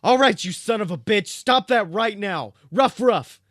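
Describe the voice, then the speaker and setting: A man voicing a big, anxious male dog, the younger brother, with high, strained barking yelps. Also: big pitch swings, unhurried, dry recording, studio quality. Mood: pleading.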